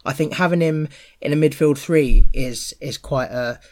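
A man's voice: fairly high pitch, moderate pace, a little mellow. A man co-hosting a casual football podcast, repeating words to stress his points.

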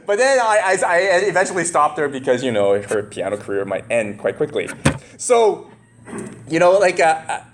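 A man in his thirties preaching in a loose, chatty way, packing his talk with fillers and quick asides to the listeners. His pitch swings widely, rising and falling as he goes. Faint room ambience sits behind his voice. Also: sing-song, background noise. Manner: conversational, rambling with many fillers and asides to the congregation. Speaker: pastor. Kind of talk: sermon.

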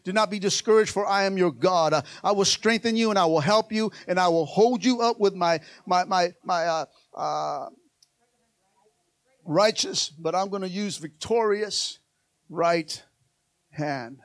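A male pastor preaching a sermon, calling out to the congregation and swinging between rousing exhortation and soft, hushed passages. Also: high voice, measured pace, dry recording. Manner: calls out to the church.

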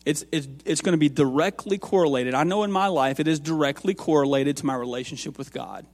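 A man on a church's music staff, preaching an earnest sermon that moves from quiet asides to raised, emphatic lines. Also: on the high side, a little fast, big-room sound.

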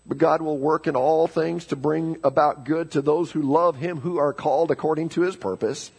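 Male pastor preaching in church; husky, gravelly voice that builds to loud emphasis. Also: a little high, steady tone, moderate pace. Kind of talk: sermon. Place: church sanctuary.

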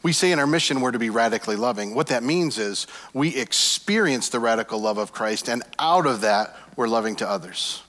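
A middle-aged man preaching from the pulpit in an earnest, personal way. His voice is of middling pitch for a man. He rises to stress a point, then sinks to a near-hushed tone as he turns to prayer. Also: expressive, fairly quick, few pauses, in a large hall. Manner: earnest, shifts between emphatic lifts and hushed soft phrases. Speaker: pastor. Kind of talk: sermon with prayer.

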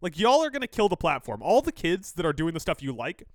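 A man co-hosting a casual sports podcast, his fairly high voice swinging widely as he argues his takes. He sounds opinionated and quick to tease. The recording is dry and close. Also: huge pitch swings, dry recording. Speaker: podcast co-host.

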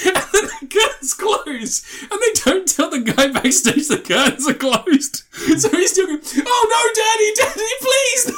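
A man's voice: extremely high pitch, fairly bright tone. A man co-hosting a podcast, telling a story in casual chat, laughing often and swearing freely. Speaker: podcast co-host.

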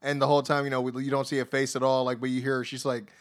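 A man's voice: medium pitch, flat delivery, racing. A man co-hosting a podcast, recapping wrestling shows in loose, profane chat, laughing often and acting out quotes. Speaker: podcast co-host.

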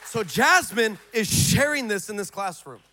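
A middle-aged male pastor preaching a sermon in a church, telling a story dramatically and swinging from shouts to hushed tones. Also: sits high, animated, a little slow, some chatter behind, a little hiss or hum.

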